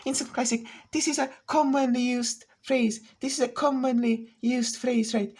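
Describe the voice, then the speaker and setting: A woman's voice: fairly high pitch, fairly even intonation, moderate pace, darkish tone, slightly rough. A woman vlogger in a rambling, profane rant, full of restarts and asides. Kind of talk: casual ranting commentary.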